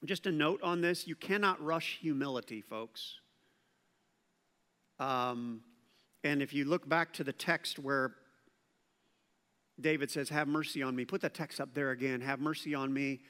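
A man preaching a sermon as pastor, animated and acting out quoted voices. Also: medium pitch, a little slow, pauses often. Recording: long hall reverb.

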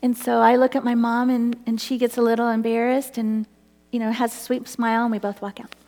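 A woman's voice: fairly high pitch, flat delivery, fairly quick, warm tone. Middle-aged woman, personal testimony teller, earnest and laughing, echoing hall sound. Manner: earnest, breaks into laughter as the story builds. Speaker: storyteller. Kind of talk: personal faith storytelling.

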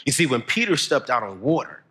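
A young man, preaching a motivational sermon, telling stories and building to shouted emphasis. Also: mid-range voice, sing-song, a little fast.

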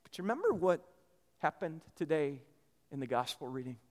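A man preaching a sermon in a church, telling a story in a lively way with many restarts. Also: fairly high pitch, normal speed, in a large hall. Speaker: pastor.

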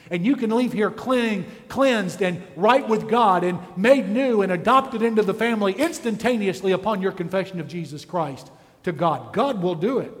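An intense male preacher delivering a sermon with a high voice. He drives his points home with one rhetorical question after another. The sound carries a long reverb from a large church hall. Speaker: pastor.

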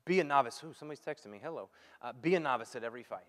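A pastor preaching a sermon, acting out quoted dialogue and swinging between loud and hushed delivery. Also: male voice, medium pitch, very fast. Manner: animated, acts out quoted dialogue. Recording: long hall reverb.

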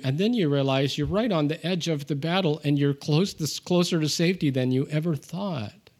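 A man preaching a sermon, conversational with asides, rising in pitch and volume when he reads scripture aloud. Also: darkish tone. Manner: conversational with asides and self-deprecating humor. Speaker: pastor.

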